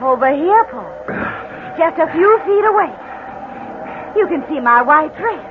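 An actress playing a cold, vengeful young wife who taunts her husband slowly and deliberately, in 1940s radio acting style. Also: sits high. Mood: mocking. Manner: calm, taunting, slow and deliberate. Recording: tinny old radio broadcast, faint hiss.

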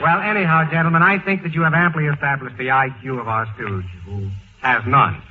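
A man's voice: fairly high pitch, fairly even intonation, a little fast. A man hosting a 1940s radio panel, steering the talk with genial, dry quips. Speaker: show host and moderator. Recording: tinny old radio recording with hiss.

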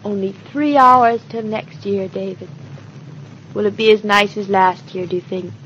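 An actress in 1940s radio acting, playing an earnest, affectionate young newlywed wife with a breathless, wide-eyed manner. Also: female voice, mid-range voice, steady tone, measured pace, a bit bright, a little hiss or hum, natural voice. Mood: tender. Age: young adult. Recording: dull old radio transcription.

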